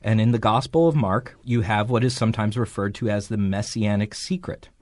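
A man hosting a podcast, giving measured, lecture-like explanations. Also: fairly low pitch, darkish tone, no room sound. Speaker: podcast host.

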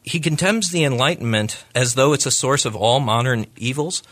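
Podcast co-host, male, bright tone, animated casual critique. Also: medium pitch, moderate pace. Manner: animated, puts on voices when retelling. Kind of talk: casual discussion, book critique.

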